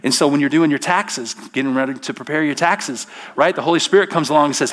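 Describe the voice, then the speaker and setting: A man's voice: on the high side, quick pace, hardly any pauses, a bit bright. A middle-aged male pastor preaching a sermon from a church stage, emphatic and full of rhetorical questions.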